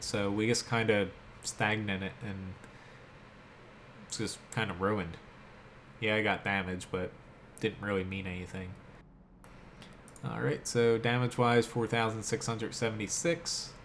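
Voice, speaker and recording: With a fairly low pitch, steady tone, and fairly bright timbre, a South Jersey man with an American accent casually streams a game at a measured pace. A little hiss or hum sits under his laid-back, chatty commentary as he answers chat between plays.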